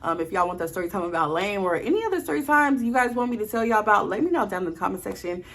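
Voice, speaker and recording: Animated young woman telling a storytime. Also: medium pitch, racing, slight background noise. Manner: animated, blunt, addresses viewers directly. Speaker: vlogger. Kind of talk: casual storytime.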